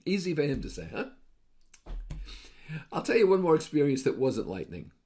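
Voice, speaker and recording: A man's voice: fairly high pitch, big pitch swings, normal speed, darkish tone. A man hosting a short advice video, telling casual anecdotes with wry, joking asides. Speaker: host of a daily advice video series.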